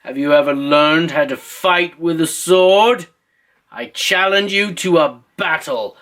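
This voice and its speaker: A man's voice: a little high, takes it slowly, a bit bright. A man voicing an arrogant, boastful enemy king who taunts and challenges in a raised voice. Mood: mocking.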